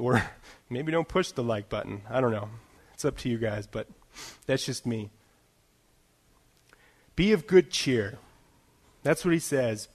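A man preaching a sermon in a conversational way, full of "you know" fillers and self-deprecating laughs, slowing into emphatic phrases to drive points home. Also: mid-range voice. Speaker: pastor.

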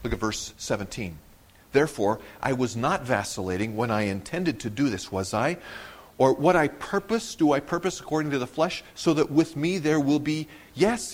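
A man preaching an expository sermon, acting out the quoted words with sudden rises in pitch and loudness, and sometimes repeating words as he explains. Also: normal speed. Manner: animated preaching, rising sharply on quoted words. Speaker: pastor.

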